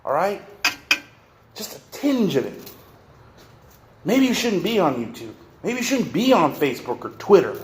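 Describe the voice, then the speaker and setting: A man's voice: high voice, very animated, measured pace, pauses often, roomy sound. A man ranting to camera in a workshop, rambling, repeating himself and cursing as he goes. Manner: rambling, profane, repeats and restarts. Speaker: vlogger. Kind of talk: rant to camera.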